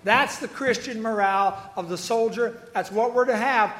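A man's voice: sits high, moderate pace, a bit bright, reverberant. A man preaching a sermon, folksy and joking, with asides to members of the congregation. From Iowa. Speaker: pastor.

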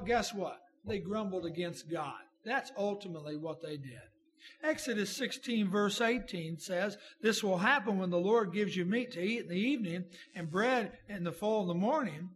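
A man preaching a sermon, impassioned, swinging between shouting and low murmuring. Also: a little hiss or hum. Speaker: pastor.

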